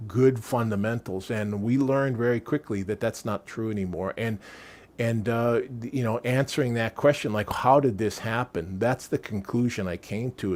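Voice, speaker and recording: A man's voice: fairly low pitch, a little mellow. An American man in his sixties, a guest in an interview, talking casually and often restarting and searching for words. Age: 60s. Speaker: guest, wellness product maker.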